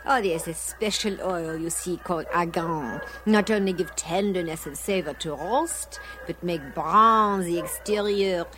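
A woman's voice: lowish voice, measured pace, few pauses, close to an everyday voice. A woman playing a pushy hostess. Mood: proud. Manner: insistent, coaxing, broken English. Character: flamboyant Moroccan hostess, pushy, food-proud.

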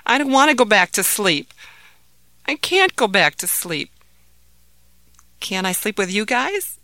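A woman's voice: high voice, animated, takes it slowly, gravelly, dry recording, voice pushed up, exaggerated voice. A woman voicing a frightened young boy who pleads timidly after a nightmare, in a storybook reading. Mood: scared. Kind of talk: storybook read-aloud.

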